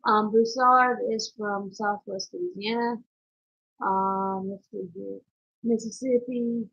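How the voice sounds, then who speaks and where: A woman's voice: medium pitch, steady tone, takes it slowly, fairly bright tone, slightly rough. A woman with a Southern accent reading viewer comments aloud and teasing her husband on a casual livestream. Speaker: co-host. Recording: muffled lo-fi stream audio.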